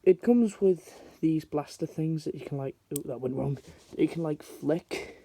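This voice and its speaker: A man talks through a toy review in a loose, rambling way, dropping filler likes as he goes. His voice sits a little high but sounds soft and mellow. The recording is dry and close, with no room sound. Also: unhurried, vocal fry, no echo. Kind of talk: casual product review.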